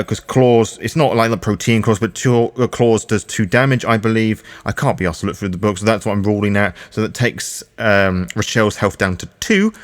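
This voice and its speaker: A British man running and playing a tabletop role-playing game alone, thinking aloud over dice rolls with frequent restarts. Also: on the low side. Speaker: solo game master and player. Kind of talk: solo tabletop actual play narration.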